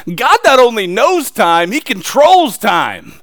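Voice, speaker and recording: A man preaching a sermon, reading scripture and then talking it through in a casual, emphatic way with sudden loud peaks and quiet asides. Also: very high voice, sing-song, takes it slowly, no echo. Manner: reads scripture aloud then preaches conversationally with slang.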